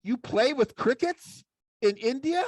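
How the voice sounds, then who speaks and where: A man's voice: very high-pitched, animated, measured pace, dry recording, studio quality, voice pushed up, heavily acted. A man giving voice to a cheeky, rude male puppet that keeps interrupting and teasing. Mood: confused.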